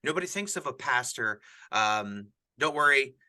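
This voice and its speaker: A man's voice: mid-range voice, expressive, normal speed, pushed and bright. A middle-aged man, a pastor and podcast host, talking earnestly about grief in a casual chat, often restarting his sentences. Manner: earnest, rambling with frequent restarts. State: widowed, grieving.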